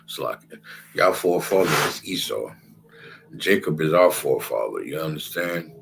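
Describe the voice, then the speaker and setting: A man's voice: rumbling low, lively intonation, normal speed, vocal fry, a bit bright, slight background noise, rough recording. A man giving a casual scripture lecture in a repetitive, conversational way, often checking in with his listeners. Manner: repetitive, conversational, keeps asking "you understand?". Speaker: religious class teacher.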